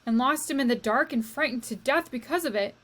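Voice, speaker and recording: A woman voicing a fierce, mouse-hating female cook in a storybook reading, shouting and wailing her lines. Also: high voice, a little fast. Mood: outraged. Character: fierce loud middle-aged female castle cook.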